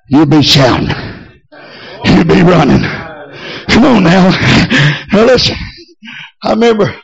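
Man preaching a shouted revival sermon, high and gravelly, dull lo-fi sound. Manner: chanting "hey" before each phrase. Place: church.

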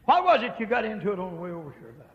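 A man preaching a revival sermon, swinging from hushed murmurs to shouts. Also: sits high, big pitch swings, very fast. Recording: dull lo-fi tape with long reverb.

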